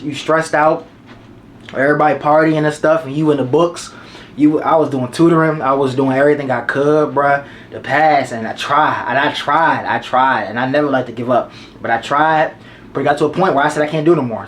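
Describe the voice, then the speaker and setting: A man's voice: mid-range voice, a bit bright, a little hiss or hum. Casual young man giving slangy advice. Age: 20s. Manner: casual slangy, repeats points for emphasis.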